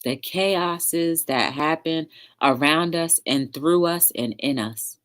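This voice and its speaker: A woman's voice: low-pitched, takes it slowly. Chatty woman hosting a livestream show. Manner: chatty, reads live chat aloud, encouraging. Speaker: talk show host. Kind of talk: casual livestream talk.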